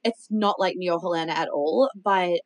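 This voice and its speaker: A woman's voice: fairly low pitch, moderate pace, no room sound, rough recording. Woman podcast co-host, casual chat, swears a lot, laughs often, dry close sound. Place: home in the American South.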